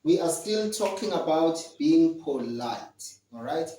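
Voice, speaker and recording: A man's voice: fairly high pitch, animated, dark tone, far from the mic. Male English teacher for first graders, drilling phrases with repetition, recorded roomy and off-mic. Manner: slow, repetitive drilling, frequent "all right". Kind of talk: online lesson for young learners.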